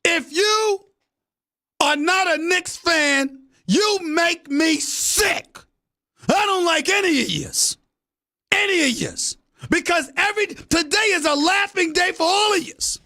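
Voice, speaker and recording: A middle-aged man holds forth from a studio booth on a sports talk show, his voice pitched very high and cutting. He rants in exasperation, often breaking into shouts. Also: lively intonation, unhurried. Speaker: show host. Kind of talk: ranting sports talk monologue.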